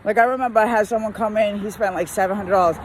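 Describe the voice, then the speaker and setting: A woman's voice: medium pitch, steady tone, fast talker, slight background noise. A woman who works in retail, venting in a casual rant while driving, exasperated and full of slang, mimicking customers as she goes. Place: in a car.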